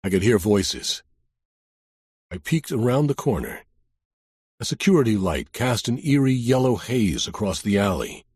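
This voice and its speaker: Husky-voiced male audiobook narrator. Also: lowish voice, big pitch swings, a little slow, pauses often, darkish tone, no room sound, studio quality. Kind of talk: first-person thriller narration.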